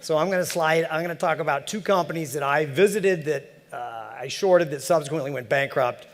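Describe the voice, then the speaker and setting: A man's voice: fairly high pitch, fairly quick. A man giving a conference talk in a joking, chatty way with many fillers, from a large conference hall over a PA mic. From San Francisco Bay Area. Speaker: conference speaker.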